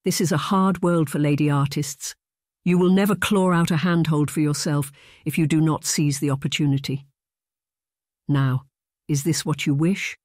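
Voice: mid-range voice, fairly even intonation, moderate pace, a little mellow, no echo, studio quality, natural voice. An audiobook narrator voicing a firm, worldly lady mentor who speaks earnestly.

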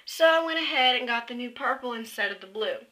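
Rambling casual woman vlogger, slightly high, bright tone, close camera mic. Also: expressive, a little fast, rough recording. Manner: chatty and rambling, many fillers and self-corrections. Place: at home, indoors. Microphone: built-in camera mic, close to face.

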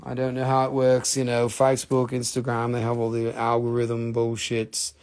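A man with an Appalachian American accent hosting a casual live crystal sale, chatty and excitable, swearing and reading out buyer claims. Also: mid-range voice, normal speed. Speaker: live-stream crystal seller.

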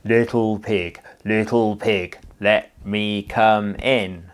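A male teacher voicing a demanding big bad wolf in a children's story, speaking loudly and drawing out the words. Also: on the low side, steady tone, drawn-out words, clear, resonant tone.

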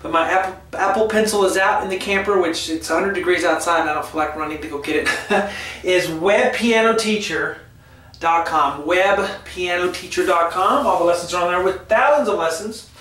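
Relaxed male piano teacher with a high-pitched voice, heard from a distance in an echoey room. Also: moderate pace. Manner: relaxed and chatty, hums and sings rhythms as he explains. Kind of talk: casual online piano lesson. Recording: echoey room, mic set back, loud piano. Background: piano playing.

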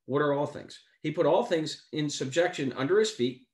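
Emphatic preacher man, slightly high voice. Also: moderate pace. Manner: emphatic, repeats key phrases, asks rhetorical questions. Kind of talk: conversational Bible teaching.

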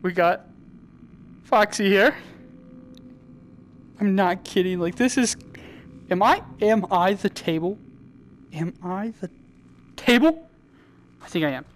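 A woman hosting her own gaming channel, chatting and joking through a VR game and breaking into loud yells. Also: expressive, takes it slowly, long pauses, a little hiss or hum. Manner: chatty, jokey, bursts into high yelling. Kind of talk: casual gameplay commentary.

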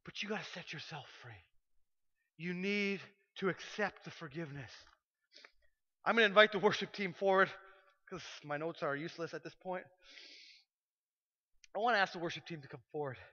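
A man preaching a sermon as pastor, passionate and swinging from loud urgency to hushed pleading. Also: high voice, moderate pace, pauses often, dull audio. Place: church sanctuary.

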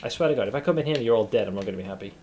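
A man streaming a game, commenting live, swearing often and yelling when startled. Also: lowish voice, lively intonation, racing.

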